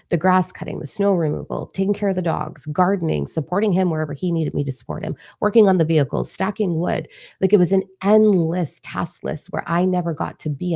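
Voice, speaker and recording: A woman's voice: on the low side, gravelly, dark tone. A middle-aged woman speaking in a raw, emphatic confessional monologue, swearing freely as she opens up. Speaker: spiritual vlogger. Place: living room.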